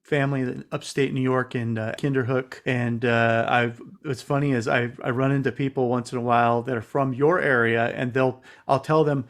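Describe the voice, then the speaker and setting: A man's voice: medium pitch, fairly even intonation, moderate pace, few pauses. A man in the middle of his range hosts a casual chat with customers over a video call. He rambles in a friendly way and often repeats words as he finds his phrasing. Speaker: company host interviewer.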